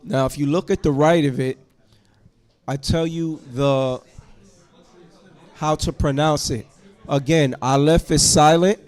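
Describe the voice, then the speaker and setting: A man teaching a Hebrew class to students in a classroom, going through the alphabet letter by letter in a slow, patient way. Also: on the high side, fairly even intonation, a little mellow.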